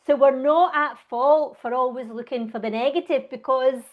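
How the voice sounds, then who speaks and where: A Scottish woman, a wellbeing coach, talking fast and enthusiastically as a guest in a conversational interview. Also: high voice, muffled recording.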